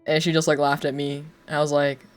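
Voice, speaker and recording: A man's voice: on the high side, completely flat delivery, fast talker. A young man streaming, telling a story in a rambling, casual way, full of fillers and frequent laughs. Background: faint music.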